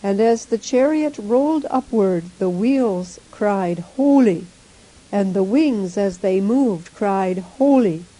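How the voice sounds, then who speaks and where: A woman giving a measured, solemn scripted reading of a religious vision account. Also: medium pitch, dark tone, low-quality recording.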